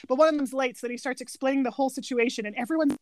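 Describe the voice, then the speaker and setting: Brief: chatty woman co-host, high voice, eager storyteller, very dry close sound. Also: very fast, dry recording. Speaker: podcast co-host. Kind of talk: casual chat about a film.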